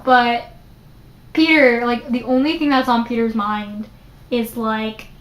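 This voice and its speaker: A young woman with a fairly high voice talks through a favorite childhood book in a loose, animated vlog style, filling her sentences with "like." Her voice rings a little in a roomy, echoey space. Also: takes it slowly. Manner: chatty, many "like" fillers, animated retelling. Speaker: book reviewer. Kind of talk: casual book review vlog. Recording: roomy echo.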